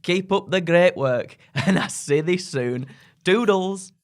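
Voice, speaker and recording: A man's voice: high-pitched, slow pace. A man putting on a cheeky, rambling, mock-sincere Yorkshire accent while impersonating a famous male game designer in a comedy message. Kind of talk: comedy impression in a recorded message.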